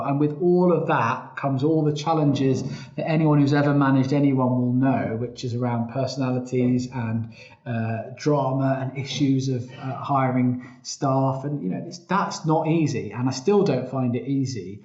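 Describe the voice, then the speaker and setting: A man's voice: medium pitch, a little slow, a little mellow. A man telling his story as a podcast guest, chatty, often quoting himself and restarting sentences. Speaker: podcast guest, travel company founder. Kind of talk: casual interview storytelling. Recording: roomy, slightly dull sound.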